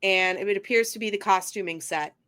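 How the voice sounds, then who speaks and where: A woman narrating a tabletop game as game master, describing scenes in a halting way with many pauses and fillers. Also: medium pitch, a bit bright, smooth.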